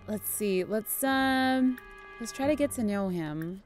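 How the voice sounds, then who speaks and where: A woman's voice: mid-range voice, animated, slow, a little mellow, faint music behind. A young adult woman casually commentating a life-sim game, chatty and playful, often laughing. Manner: chatty, giggly, playful self-narration. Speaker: gaming YouTuber. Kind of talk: casual let's-play commentary.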